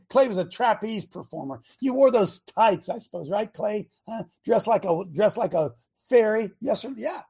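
A man hosting a radio talk show, preaching in an emphatic way with rhetorical questions and drawn-out key words. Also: sits high, darkish tone, slightly rough.

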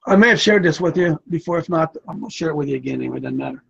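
A man's voice: a little high, quick pace, gravelly, fairly bright tone, slightly rough, lo-fi sound. Folksy older man preaching a sermon. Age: 60s. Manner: folksy, repetitive, emphatic.

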